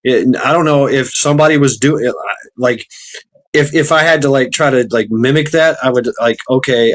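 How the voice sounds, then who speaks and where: A man hosting a podcast in casual chat, rambling with many halting restarts. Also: medium pitch. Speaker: podcast host.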